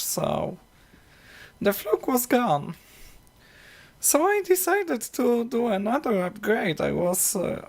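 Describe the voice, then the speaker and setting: A woman hosting a casual electronics live stream, talking haltingly with many fillers and restarts, with a tickly cough. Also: medium pitch, darkish tone.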